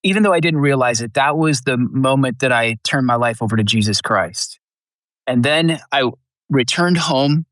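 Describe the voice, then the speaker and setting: A fairly bright, mid-range male voice, recorded as clean studio sound with no echo, belongs to a middle-aged podcast guest. Earnest in telling a personal testimony, he acts out the lines he quotes, and emotion sometimes brings him close to crying.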